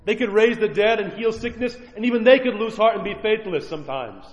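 A man preaching a sermon as a priest, earnest and conversational, slowing down sharply to stress key words. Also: high voice, animated, echoey room, long reverb tail, highs cut off. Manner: earnest, conversational preaching with sudden slowed emphasis.

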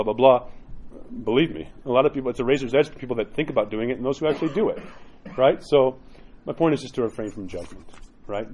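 A man who is a priest, preaching in a conversational, animated way, with many rhetorical "right?" asides and quoted inner voices acted out. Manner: acts out quoted inner voices with sudden jumps in pitch. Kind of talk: sermon.

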